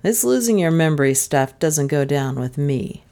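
Gruff, dry detective, low and mellow, read by a woman. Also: lively intonation, moderate pace. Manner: dry, commanding. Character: gruff, blunt male detective.

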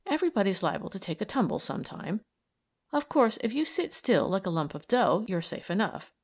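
A woman's voice: mid-range voice, sing-song, brisk, husky. A woman reading aloud and voicing an earnest, idealistic young woman who argues eagerly and persuasively.

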